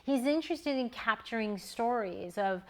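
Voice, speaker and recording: Casting: middle-aged woman, slightly high voice, earnest heartfelt home monologue, halting restarts. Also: expressive. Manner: earnest, with restarts and rising emotion. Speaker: newborn photographer and educator.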